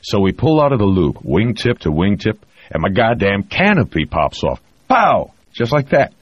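A man's voice: rumbling low, lively intonation, moderate pace, husky, no echo, lo-fi sound, full character voice. A man reading an audiobook, voicing a wry, easygoing astronaut and former pilot with a laconic way of talking. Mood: animated.

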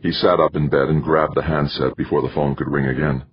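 A man narrating an audiobook in a measured, steady storytelling manner. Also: a bass voice, husky. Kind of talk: scripted narration. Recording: dull lo-fi recording.

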